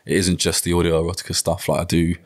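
A man's voice: low voice, completely flat delivery, fast talker. A man talking as a guest on a podcast, rambling casually with many fillers and frequent swearing.

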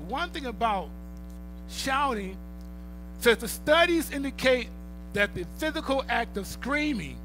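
A man's voice: very high-pitched, bright, forceful tone. A middle-aged male pastor, preaching a sermon with rising bursts of volume and storytelling.

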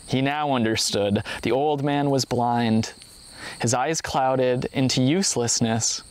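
A man narrating a traditional folktale with measured, expressive pacing. His voice sits in an ordinary middle pitch, lifting for questions and suspense. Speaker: story reader. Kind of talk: folktale storytelling.

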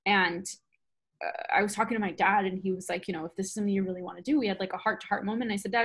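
A woman in her thirties, appearing as a podcast guest, tells a travel story in a lively, casual way, laughing often and acting out quoted dialogue. Her voice is medium-pitched and breathy-edged, and she talks very fast.

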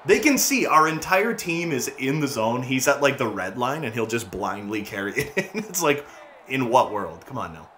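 A man calls out his own hockey video game play in a loose, excitable commentary style. His pitch swings widely, and his voice has a bright, forceful edge. There is a faint hiss of noise under it. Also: moderate pace. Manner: excitable, mocking teammates, frequent laughs and shouts. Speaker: gaming YouTuber. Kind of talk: casual gameplay commentary.

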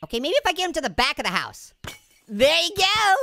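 A woman giving excitable, jokey let's-play commentary as a video game streamer, talking to her viewers as she plays. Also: sits high, brisk, vocal fry.

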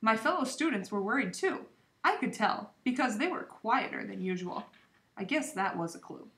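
A woman reading a children's chapter book aloud with lively, expressive storytelling. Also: a little high, moderate pace, roomy sound. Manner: lively expressive storytelling, voicing the hamster narrator. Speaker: reader.

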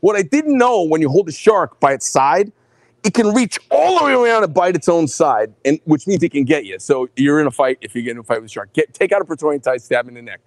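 A middle-aged man hosting a live knife sales show, telling rambling, animated stories between showing each knife. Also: on the high side, fast, dry recording. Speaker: host presenting knives.

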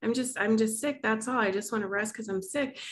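A woman voicing her unwell elderly mother, who speaks softly and tenderly to reassure her daughter. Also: on the high side, a little fast, slight background noise, voice pushed up, natural voice. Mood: gentle soothing.

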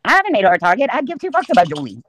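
A woman's voice: on the high side, wildly swooping pitch, very fast. A woman calling in to a livestream by phone, brash and mocking, swearing and laughing as she argues. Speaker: guest on a livestream. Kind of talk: heated casual call-in banter.

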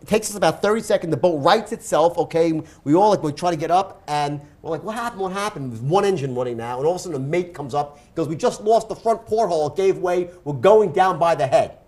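Fast-talking animated male storyteller. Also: fairly high pitch. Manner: rapid, animated, acts out quoted voices. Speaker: guest speaker.

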